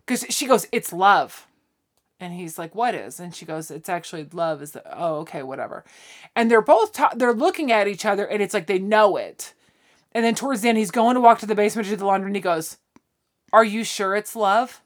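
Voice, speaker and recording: A woman's voice: mid-range voice, fairly quick. A woman co-hosting a podcast, chatting casually as she recaps a sitcom and acts out the characters' lines. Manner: animated, acts out characters' lines while retelling scenes. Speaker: podcast co-host. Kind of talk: casual chat recapping a TV show.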